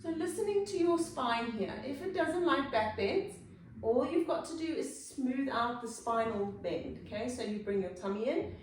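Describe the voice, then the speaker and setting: A woman with a South African accent leads a yoga class, calling out poses and offering gentle options in a calm, encouraging tone. Her voice sits a little high. She is recorded from a distance in a strongly reverberant room. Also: moderate pace, a little hiss or hum. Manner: calm, encouraging cues with soft asides. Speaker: yoga instructor. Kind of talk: guided yoga class instruction.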